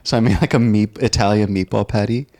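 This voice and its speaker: A man being interviewed as a guest, talking in a relaxed, laid-back way with frequent ums. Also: lowish voice, fast. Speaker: restaurant co-founder guest. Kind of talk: casual interview chat.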